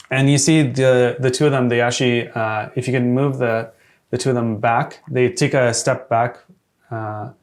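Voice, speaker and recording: Laid-back man running a tabletop game. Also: medium pitch. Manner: hesitant, many fillers, quick to laugh. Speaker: game master.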